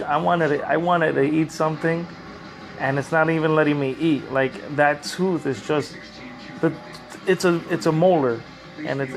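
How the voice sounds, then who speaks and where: Middle-aged man, gravelly, live-streaming from bed in pain after oral surgery, stumbling and repeating himself. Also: fairly high pitch. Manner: rambling, halting, repeats words. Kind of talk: casual live-stream chat. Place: lying in bed at home. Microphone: phone camera.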